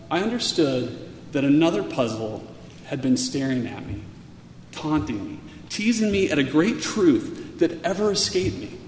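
A man telling a personal story aloud in an earnest, halting way, often repeating words as he goes. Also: fairly high pitch, big pitch swings, a little mellow, slight background noise. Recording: echoey hall with faint ambience.

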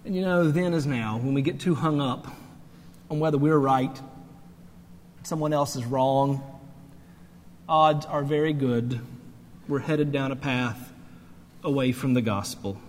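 A man's voice: medium pitch, a little slow, pauses often, a little mellow, in a large hall, slight background noise. A man preaching a sermon in a conversational, reflective way, rising to emphatic peaks. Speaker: pastor.

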